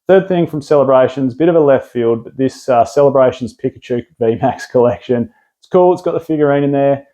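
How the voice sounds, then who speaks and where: Mellow-voiced Australian man, rambling. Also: mid-range voice. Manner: rambling, enthusiastic, lots of restarts and fillers. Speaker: card collecting video host. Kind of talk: casual product rundown.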